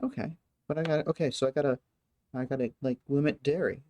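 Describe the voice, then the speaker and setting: A woman's voice: deep voice, steady tone, fast talker, warm tone. A woman streamer chatting casually and hesitantly, full of ums and trailing thoughts. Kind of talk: casual chat.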